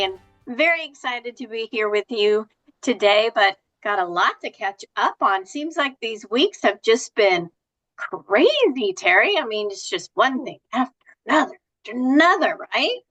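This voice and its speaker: A woman co-hosting a motivational podcast, chatting and telling everyday stories in an animated way. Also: fairly high pitch, normal speed, soft background music, low-quality recording. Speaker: podcast co-host. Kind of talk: casual chat.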